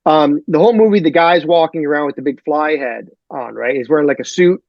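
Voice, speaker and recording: A man from Detroit, a novelist guest on a podcast, talking in a rambling, animated way full of fillers. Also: a little high, a little fast, no echo, highs cut off. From Detroit, USA. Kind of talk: casual podcast chat.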